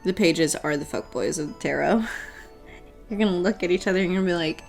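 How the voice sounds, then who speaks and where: A woman's voice: on the low side, fairly quick, vocal fry, darkish tone, soft background music. A woman giving a casual tarot reading, playful and swearing freely, often breaking into laughter. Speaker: tarot reader.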